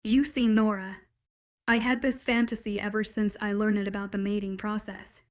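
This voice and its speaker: A woman's voice: medium pitch, level tone, moderate pace, darkish tone, lightly acted. A woman reading the lines of a possessive young male werewolf, pleading with intense declarations. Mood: earnest pleading.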